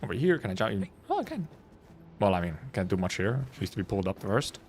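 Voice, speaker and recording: A young man streaming a video game, thinking out loud with playful, swearing, laughing casual commentary. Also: lowish voice, sing-song, quick pace, a little hiss or hum.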